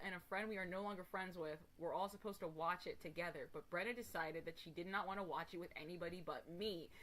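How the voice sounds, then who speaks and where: A woman's voice: lowish voice, a bit bright. A woman streamer chatting casually to her viewers, rambling and emphatic, with casual swearing. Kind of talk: casual live stream chat.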